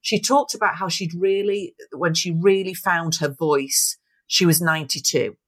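A woman's voice: on the low side, a little slow, slightly rough. A middle-aged woman speaking as a guest in an interview, reflective and encouraging, often voicing thoughts as quotes. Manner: reflective, acts out inner voices in quotes. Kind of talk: interview conversation.

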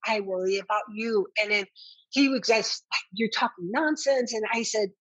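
A woman's voice: mid-range voice, normal speed, breathy edge, no room sound, low-quality recording. Earnest woman telling a personal story. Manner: earnest, animated retelling with quoted dialogue. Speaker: interview guest.

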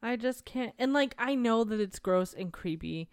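A woman's voice: fairly high pitch, lively intonation, normal speed, clear, resonant tone, no room sound, clean studio sound. A young woman co-hosting a podcast, speaking expressively and emotionally about a book, often trailing off mid-thought. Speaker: podcast co-host. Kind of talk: casual book chat.

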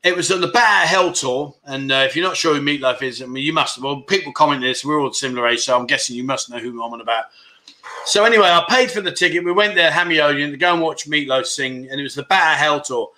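A middle-aged host talks fast on a casual livestream from home, his voice on the high side, pushed and bright. He reads viewer comments and banters warmly, calling everyone "mate" and "my friend."

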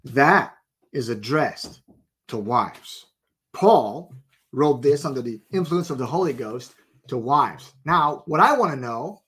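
A middle-aged man preaching a sermon, telling a story and acting out the people in it with lively voices. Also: medium pitch. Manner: animated storyteller acting out characters.

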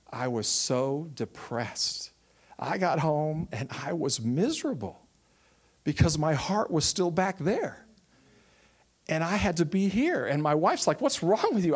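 A man's voice: on the high side, slow pace, slightly rough. A man who runs a ministry, telling a personal testimony in a sermon and acting out the voices of the people he quotes. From Texas. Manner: storytelling, animated, acts out quoted voices.

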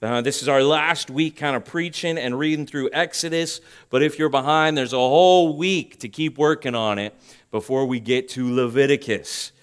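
A man preaching a sermon as pastor, swinging between loud emphasis and hushed tones. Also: medium pitch, normal speed, clear, resonant tone.

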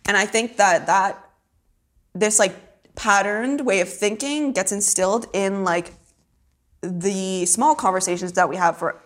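A woman's voice: mid-range voice, measured pace. A young woman in casual conversation, laughing often, saying "like" constantly and swearing offhandedly. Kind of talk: casual chat.

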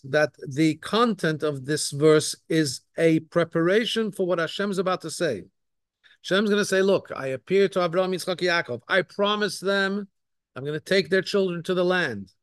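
Rabbi giving a lesson, man with a high voice, earnest and explanatory, close and dry sound. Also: no echo. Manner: earnest, explanatory, often rephrasing points. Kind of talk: Torah lesson.

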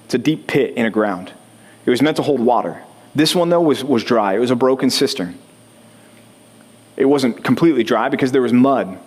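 A man's voice: mid-range voice, animated, normal speed, a little mellow, husky. A man preaching a sermon as pastor, talking conversationally, putting questions to the congregation and building to rising intensity.

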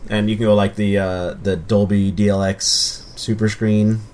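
A man's voice: lowish voice, level tone, moderate pace, darkish tone. A man co-hosting a casual podcast, rambling and restarting his sentences as he talks. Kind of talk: casual chat.

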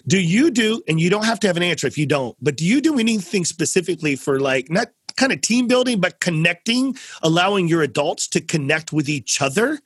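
A man hosting a casual conversational interview, an animated storyteller who acts out quotes with big swings in his voice. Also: high voice, a little fast, few pauses, slightly rough, no room sound, studio quality. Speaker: podcast host.

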